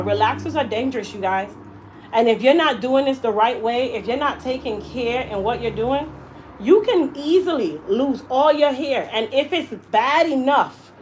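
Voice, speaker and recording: Poor audio with slight background noise captures a young adult woman with a fairly high-pitched voice. A hairstylist and salon owner, she tells an emotional personal story in an animated way, acting out the voices she quotes.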